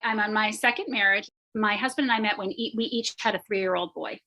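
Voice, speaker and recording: A woman coach and former psychotherapist answering interview questions articulately and quickly. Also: medium pitch, sharp tone, poor audio.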